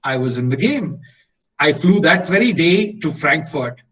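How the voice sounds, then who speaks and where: Middle-aged Indian-accented male speaker, high voice, lively storyteller who voices all the dialogue, slightly distant mic. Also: normal speed. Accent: Indian English. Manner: animated storyteller acting out dialogue. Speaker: motivational speaker. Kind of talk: motivational storytelling talk.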